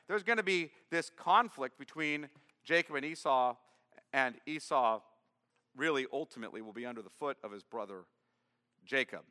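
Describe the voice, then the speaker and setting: A man's voice: mid-range voice, animated, moderate pace, sharp tone, long reverb tail. A man preaching a sermon, reading scripture aloud and then explaining it in plain words. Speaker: pastor. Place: church.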